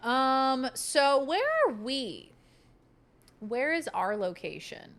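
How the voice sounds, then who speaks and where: A woman's voice: high-pitched, animated, slow pace, a bit bright. A woman streaming a video game, chatting casually and reading the game's text aloud with jokey asides. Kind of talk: casual let's-play chat.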